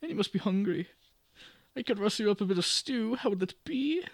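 A man's voice: high-pitched, expressive, a little fast, vocal fry, dry recording, pitched above the performer's own voice. A man putting on a lilting Irish landlady. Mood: chatty. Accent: Irish, put on. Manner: lilting, warm and rambling. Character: friendly chatty Irish landlady, middle-aged.

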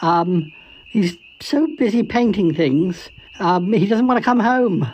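A genteel, doting woman, played by a woman, chatters on the phone in a comedy audio drama. Her pitch rises and falls a great deal, and she sprinkles in darling and dear. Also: lively intonation, slow, a little mellow, poor audio. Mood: fond.

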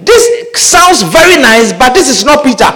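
A man preaching with a strikingly high voice that swings widely up and down. He speaks with emphasis, repeats key phrases and keeps checking whether his listeners understand. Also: sing-song, normal speed, in a large hall, a loud crowd. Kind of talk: sermon.

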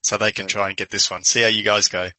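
A man's voice: on the low side, little pitch movement, fast talker, bright, forceful tone, dry recording, poor audio. A man co-hosting a sports podcast, who teases his co-hosts as he runs a guessing quiz. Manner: teasing, quizmaster banter. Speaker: podcast co-host. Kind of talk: casual sports chat.

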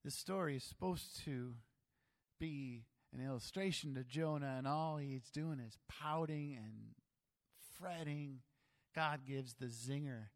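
A man's voice: mid-range voice, slow, big-room sound. A man preaching a sermon in a casual, conversational way, with self-deprecating humor. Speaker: pastor.

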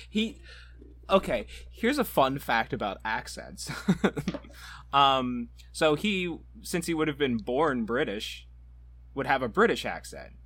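A man's voice: medium pitch, very animated, slow, long pauses, fairly bright tone, a little hiss or hum. A man hosting a podcast, chatting in a wry, easygoing way. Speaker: podcast host. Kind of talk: casual chat.

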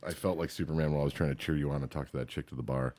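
Deep-voiced man, coaxing. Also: steady tone, very fast, a little mellow. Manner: soothing, coaxing, laughs often. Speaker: podcast co-host. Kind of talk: casual improv comedy chat.

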